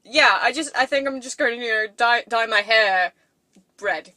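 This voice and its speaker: A woman's voice: fairly high pitch, measured pace, pushed and bright, no room sound. A young woman co-hosting a podcast, giggly and rambling as she chats casually. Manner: giggly, rambling, tries silly voices. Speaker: podcast co-host. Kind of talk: casual chat.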